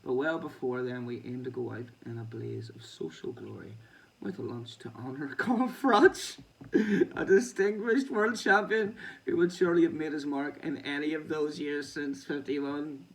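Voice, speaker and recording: Gravelly man, off-mic. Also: a little high, normal speed, recorded from a distance, low-quality recording. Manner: swearing, chatty, laughing asides. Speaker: boxing show host. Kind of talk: reading news aloud with casual commentary.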